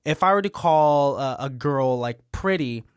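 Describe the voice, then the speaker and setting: A man's voice: medium pitch, lively intonation, a little slow, smooth, no room sound, studio quality. A man co-hosting a podcast, talking in a rambling, hesitant way. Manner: rambling, hesitant, many fillers and restarts. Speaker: podcast co-host. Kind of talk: casual chat.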